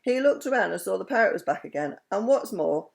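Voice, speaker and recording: A woman reading a children's story aloud in an expressive, animated way. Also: medium pitch, fairly quick, gravelly.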